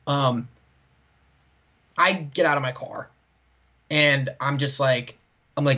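Male co-host, husky voice, rambling anecdote style with many fillers, lo-fi dull recording. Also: medium pitch, a little slow, long pauses, fairly bright tone. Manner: rambling, heavy use of "like" and "right?". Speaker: podcast co-host. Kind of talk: casual storytelling chat. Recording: dull lo-fi sound.

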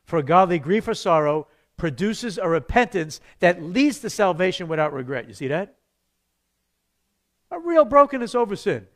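Male pastor, slightly higher voice, chatty and animated, teaching a class and acting out quotes. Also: moderate pace. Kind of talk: teaching a church evangelism class.

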